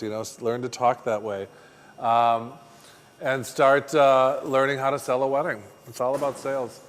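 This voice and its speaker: A man teaching a floral design class, telling lively stories in an emphatic, salesy way. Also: mid-range voice, normal speed, long reverb tail. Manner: animated storyteller, salesy and emphatic. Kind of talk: classroom lecture with anecdotes. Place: flower design school classroom.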